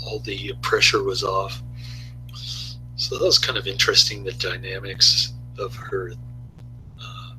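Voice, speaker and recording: A man's voice: lowish voice, pushed and bright, rough recording. A man giving a rambling, laid-back casual video review, often chuckling to himself.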